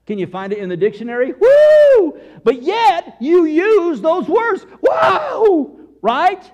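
A man preaching a sermon to his congregation, full of rhetorical questions and sudden shouted bursts. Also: very high voice. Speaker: pastor.

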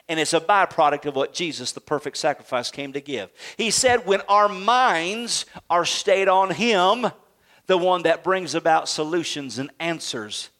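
A middle-aged male pastor delivering a sermon in a notably high voice. He preaches emphatically, building to near shouts and then falling soft and slow to make his points.

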